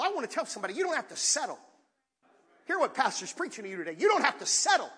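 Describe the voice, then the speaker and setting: A high, bright-toned male pastor with a husky edge preaches with fervor, swinging between quiet asides and shouted calls to the congregation. His voice rings through a church sanctuary with a long, trailing reverb. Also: very animated, fast. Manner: impassioned, rising to shouts with audience call-outs. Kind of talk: sermon.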